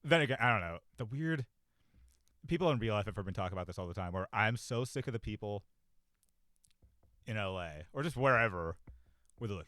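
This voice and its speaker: Man, casual rambling host, profane, lots of fillers, bright tone, cheap close mic. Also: on the low side, lively intonation, a little fast, no room sound. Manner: rambling, profane, self-deprecating, many fillers. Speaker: podcast host. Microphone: cheap desk mic, close.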